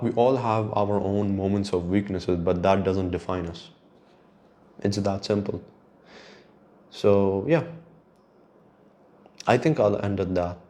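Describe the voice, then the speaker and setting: Young male podcast host, lowish voice, rambling and reflective, casual swearing. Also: a little mellow. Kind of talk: casual monologue.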